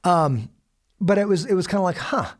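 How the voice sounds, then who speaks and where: A middle-aged American man telling a story as a guest, animated and acting out quoted lines with sudden loud bursts. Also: high-pitched, a little fast. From United States. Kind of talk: storytelling in a conversation.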